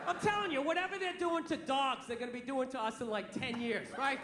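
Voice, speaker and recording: A man's voice: extremely high pitch, fast, hardly any pauses, a little hiss or hum. A man in his forties doing a profane, ranting stand-up routine in a comedy club with a live audience. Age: 40s. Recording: echoey venue, loud crowd. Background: audience laughter.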